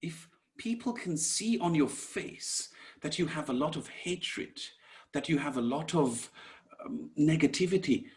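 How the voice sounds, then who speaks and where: Slow, lilting male teacher. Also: fairly high pitch, lively intonation. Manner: slow, gentle, repetitive teaching with soft whispered asides; addresses listeners as "my dears". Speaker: Sanskrit teacher. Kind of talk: online class lecture.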